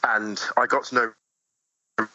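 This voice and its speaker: A man talking as a guest in a casual podcast chat, animated and quick with asides, often laughing easily. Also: mid-range voice, no echo, muffled recording. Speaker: guest poet.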